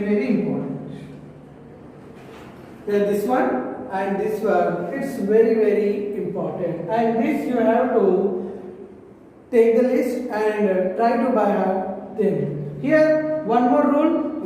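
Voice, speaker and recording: A man's voice: sits high, dark tone, slight background noise. A male English teacher explains grammar rules step by step, saying each example word twice. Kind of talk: grammar lesson. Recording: echoey room, voice far from the mic.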